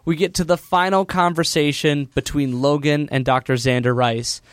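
A man on a podcast casually recapping a movie's plot, telling it loosely with fillers and quick impressions. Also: on the high side, fairly even intonation, clear, resonant tone, dry recording, studio quality. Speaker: podcast co-host.

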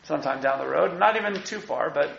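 Animated man teaching a class. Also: on the high side, fast, creaky. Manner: animated, acts out the prophets' cries. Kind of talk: evening Torah class lecture. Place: classroom with live audience. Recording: echoey room, dull lo-fi sound.

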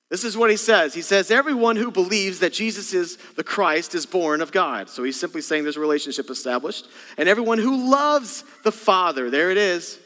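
A man preaching a Christmas Eve sermon, his voice pitched high and ringing bright. He moves with animation from scripture to playful asides, and his words trail off into a long church hall reverb. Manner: animated preaching, acts out parent and child exchanges. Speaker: senior pastor. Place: church sanctuary.

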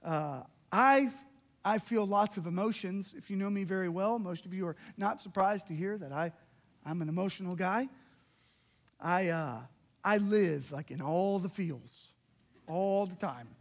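A middle-aged man preaches as a pastor, his voice riding high. He is animated and openly emotional, slipping into quick acted-out exchanges as he goes. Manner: animated, emotional, acts out little dialogues. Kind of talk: sermon.

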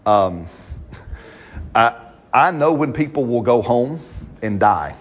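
A man's voice: mid-range voice, lively intonation, slow. A man, preaching a sermon as pastor, talking to the congregation in a conversational way and often checking in with "right?".

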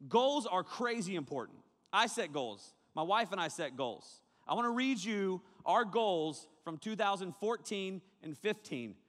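A man preaching to a young crowd as a youth pastor, joking and animated, talking straight to his listeners. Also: high voice, a little slow, big-room sound. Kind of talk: sermon.

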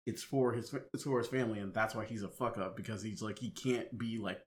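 A man co-hosting a casual movie podcast, talking in halting runs full of restarts and fillers. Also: on the low side. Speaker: podcast co-host.

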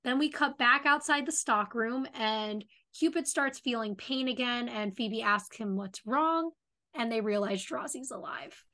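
A woman with a bright, slightly high voice recaps a TV episode for a podcast. She talks casually and quotes the characters' lines as she goes. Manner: retells plot quickly, quoting characters' lines. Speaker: podcast co-host.

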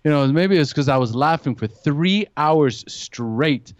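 A man's voice: on the high side, lively intonation, unhurried, dry recording. A man, a podcast guest, telling stories in casual chat and acting out his friends' voices. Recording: dry, dull lo-fi podcast audio.

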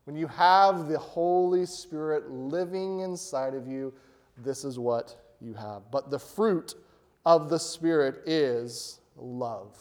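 A man's voice: a little high, a little mellow. A male pastor preaching a sermon, asking his congregation questions and rising to emphatic peaks. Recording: long hall reverb.

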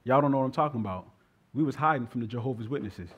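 A man in his thirties, a pastor leading prayer and then telling stories to his congregation in an animated, conversational way. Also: mid-range voice, very fast, breathy edge. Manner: animated, conversational preaching with playful asides to the congregation. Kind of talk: sermon with prayer and storytelling.

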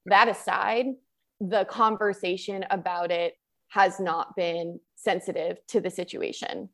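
A woman's voice: lowish voice, steady tone, unhurried. A woman co-hosting a podcast discussion, thoughtful and talkative, with many "like"s in her speech. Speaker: podcast co-host. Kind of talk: casual discussion.

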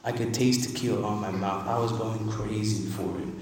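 A man's voice: lowish voice, fairly even intonation, normal speed, a little mellow, slight background noise. Man, recovery meeting talk, emphatic conversational testimony, long reverb, faint room ambience. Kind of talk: personal testimony speech. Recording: echoey hall, distant mic, faint ambience.

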